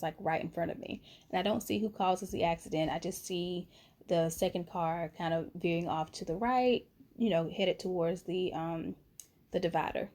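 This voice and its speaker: A young adult woman from North Carolina, telling a story in a casual vlog and calling her viewers honey and baby. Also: fairly low pitch. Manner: chatty, animated, uses pet names like honey and baby. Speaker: vlogger. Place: at home, late at night.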